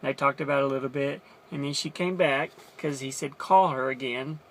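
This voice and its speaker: A man's voice: mid-range voice, steady tone, fairly quick, fairly bright tone. A man casually retelling a Bible story as a teacher, chatty and explaining as he goes.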